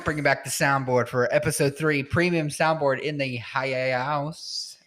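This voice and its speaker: A man co-hosting a podcast in a small home studio, close on a stand mic. He keeps things loose and jokey, laughing easily and drifting into goofy sounds, his pitch sitting right in the middle for a man. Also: steady tone, unhurried, few pauses, fairly bright tone. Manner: playful and jokey, laughs often and makes goofy noises. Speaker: podcast co-host. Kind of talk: casual podcast chat. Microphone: tabletop mic on a stand.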